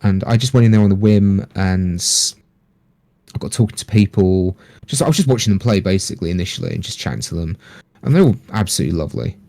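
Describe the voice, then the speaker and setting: A man, speaking in a low, warm register and telling a rambling story in casual conversation. He swears easily and puts on quick voices for other people's lines. The sound is dry and close. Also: lively intonation, no echo. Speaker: podcast guest.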